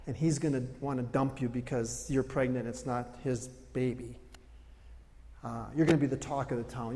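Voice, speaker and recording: A male pastor voicing God as a calm man laying out a hard mission in plain, persuasive words. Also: medium pitch, natural voice. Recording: reverberant hall.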